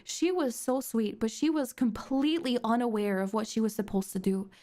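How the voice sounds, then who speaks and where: A young woman streamer chats casually with a friend and laughs often. Her voice sits very high and bright in pitch. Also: moderate pace. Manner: giggly, laughs often while telling stories. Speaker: streamer host. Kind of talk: casual chat.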